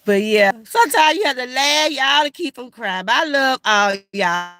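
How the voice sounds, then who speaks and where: Bright-voiced older Georgia woman, folksy. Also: high-pitched, lively intonation, fairly quick, no room sound. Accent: Southern US, Georgia. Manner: folksy, talks straight to viewers. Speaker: livestream host. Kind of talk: casual livestream talk.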